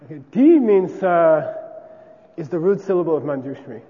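A man's voice: a little high, sing-song, normal speed, in a large hall, phone-quality sound, slight background noise. A man teaching a class casually, often checking with "okay?" and demonstrating chants aloud.

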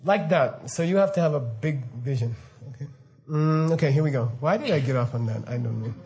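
Animated laughing male spiritual teacher. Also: mid-range voice, fairly quick. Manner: animated, laughing, mock-incredulous asides. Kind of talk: informal dharma lecture.

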